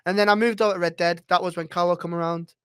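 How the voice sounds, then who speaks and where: A man's voice: high-pitched, steady tone, quick pace, a bit bright, clear, resonant tone, no room sound, studio quality. A man talking as a roleplay streamer guest in a casual interview, rambling and swearing freely.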